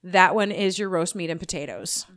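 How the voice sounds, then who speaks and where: A woman's voice: lowish voice, moderate pace, a bit bright. Chatty woman podcast co-host. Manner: enthusiastic, rambling with many fillers. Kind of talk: casual chat.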